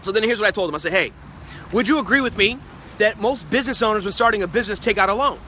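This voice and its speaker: A man with a very high, bright, forceful voice delivers a rapid motivational sales talk. He is emphatic and acts out his clients' lines as he goes. Faint outdoor traffic noise sits behind him. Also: animated. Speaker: sales trainer.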